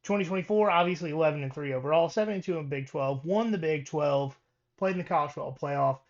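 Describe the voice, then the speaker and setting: A man's voice: fairly high pitch, fast talker, muffled recording. A man co-hosting a podcast, talking casually about sports and reading through records with ums and restarts. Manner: reads stats with many ums and restarts. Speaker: podcast co-host.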